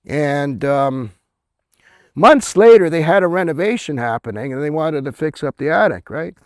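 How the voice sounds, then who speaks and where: Man, middle-aged, casual storyteller, slightly high voice, dry close sound. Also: moderate pace, no echo. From Canada. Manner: animated, keeps adding "right?", laughs at his own story. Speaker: author speaking at a convention.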